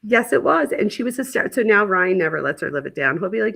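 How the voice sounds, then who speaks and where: A woman's voice: mid-range voice, big pitch swings, quick pace, creaky, few pauses, fairly bright tone. A woman in her thirties hosting a casual chat, telling stories in a chatty way full of filler words. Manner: chatty storyteller, lots of "like" fillers. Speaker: host.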